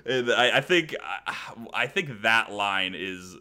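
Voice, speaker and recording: A man co-hosting a podcast, recapping cartoon episodes in animated casual chat and laughing often as he tells it. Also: lowish voice, takes it slowly. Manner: animated retelling, laughs often, acts out quoted lines. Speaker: podcast co-host.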